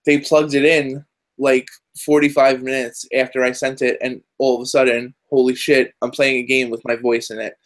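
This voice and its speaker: A man talking as a guest in a casual interview over a video call, rambling excitedly and dropping lots of fillers. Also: medium pitch, moderate pace. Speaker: guest, journalist and game voice actor.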